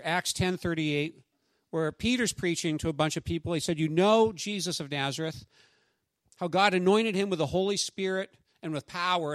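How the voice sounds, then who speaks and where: A man's voice: on the high side, no room sound. A man preaching a sermon, reading a scripture passage aloud and then talking it over with his listeners in an emphatic, conversational way. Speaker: pastor.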